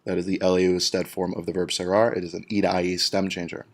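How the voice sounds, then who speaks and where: The speaker is a male Spanish teacher whose voice is deep and whose delivery stays steady and patient. Working example by example, he slows down on the key words so students can track the lesson.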